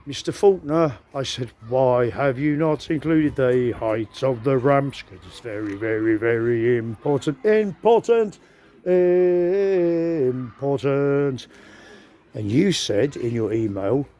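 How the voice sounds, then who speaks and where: A man's voice: medium pitch, a little slow, few pauses, darkish tone. A man giving a rambling, aggrieved, profane monologue straight to camera as a vlogger.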